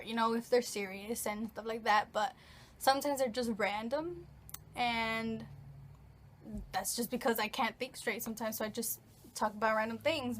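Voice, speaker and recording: A nineteen-year-old woman answers questions in a casual get-to-know-me vlog, her voice a little high and a bit bright. She rambles, with plenty of fillers and restarts.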